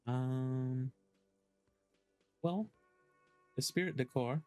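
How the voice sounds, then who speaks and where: A man's voice: mid-range voice, drawn-out words, a little mellow, no echo, faint music behind. Male streamer, casual game commentary, hesitant, thinks aloud, dry mic. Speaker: gaming streamer. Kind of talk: casual let's-play commentary.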